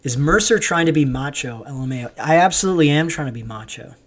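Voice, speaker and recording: Speaking fast in an expressive, fairly bright voice on the high side, a Canadian man runs a livestream. He reads the chat aloud and responds, rambling casually with plenty of ums.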